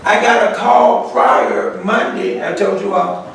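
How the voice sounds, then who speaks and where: Folksy preacher with a high voice, echoey room. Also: male voice, slow, creaky, soft background music. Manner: folksy, animated retelling of conversations. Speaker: pastor. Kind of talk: Bible study talk with storytelling. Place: church room. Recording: echoey room, distant mic.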